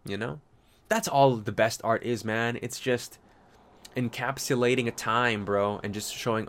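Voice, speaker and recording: A man's voice: medium pitch, measured pace, fairly bright tone. A young man talking in a casual, rambling monologue. He swears often, uses slang, and breaks into mocking impressions. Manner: loose and profane, slangy, jumps into mocking impressions.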